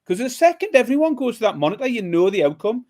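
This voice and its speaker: A man's voice: extremely high pitch, sing-song, fast, a little mellow. A man co-hosting a podcast, complaining emphatically and with exasperation in casual chat. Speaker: podcast co-host.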